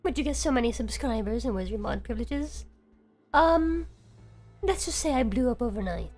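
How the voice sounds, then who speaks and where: Jokey lady streamer, kinda high voice, bouncy, deadpan bits for chat. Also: normal speed, soft background music. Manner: playful, jokey, mock-serious. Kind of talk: casual game stream chat.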